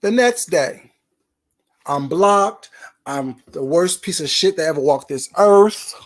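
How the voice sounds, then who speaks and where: A man's voice: fairly high pitch, animated, slow pace. A man rants through a story to his viewers. He swears freely and hammers the same point again and again. His delivery is emphatic and blunt. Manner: profane, emphatic, repetitive. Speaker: streamer.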